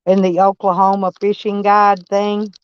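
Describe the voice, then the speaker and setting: A woman's voice: medium pitch, flat delivery, unhurried, clear, resonant tone, no echo, muffled recording. A woman chatting casually to her viewers from her van, folksy and blunt, swearing freely. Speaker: van life vlogger. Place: van or camper, indoors.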